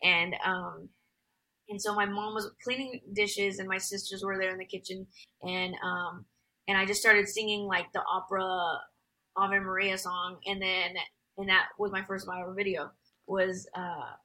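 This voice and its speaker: A woman's voice: mid-range voice, little pitch movement, measured pace, pushed and bright, rough recording. A young adult woman singer telling her story as an interview guest, rambling with many fillers.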